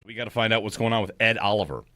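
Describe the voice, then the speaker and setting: A man's voice: lowish voice, rapid-fire, no echo, clean studio sound. A man hosting a sports talk radio show, chatting about football and reading the call-in number. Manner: lively, reads station promos and call-in number.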